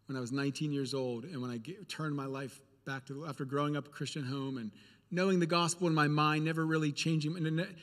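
A man's voice: a little high, in a large hall. A male preacher giving a sermon in a church, speaking earnestly and repeating phrases for emphasis.

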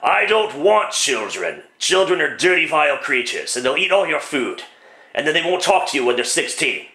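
A man's voice: on the high side, sing-song, moderate pace, sharp tone, heavily acted. A man voicing a grumpy, whiny old miser, grumbling in a one-man comedic radio play. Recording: roomy echo, distant mic.

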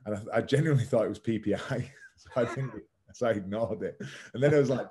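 A man's voice: lowish voice, fast talker, dark tone, a little hiss or hum. A man in his thirties, a podcast guest, telling his story frankly and casually, swearing now and then and using lots of "like" fillers. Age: 30s. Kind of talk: candid conversational storytelling.

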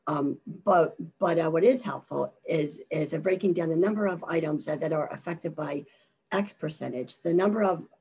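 A woman presenting a webinar walkthrough of slides, halting with many fillers and repeated words, her voice worn from allergies. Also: low voice, a little mellow, husky. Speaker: government contracting presenter.

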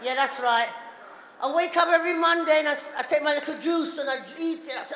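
A woman's voice: high-pitched, fast, sharp tone. A woman performing a chatty stand-up comedy set, teasing the audience. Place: large hall on stage. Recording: echoey reverberant hall, faint noise.

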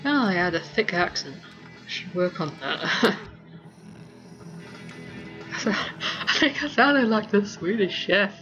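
A young woman giving casual gameplay commentary, rambling and giggly as she thinks aloud with many pauses. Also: mid-range voice, expressive, highs cut off, over music. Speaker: let's play host.

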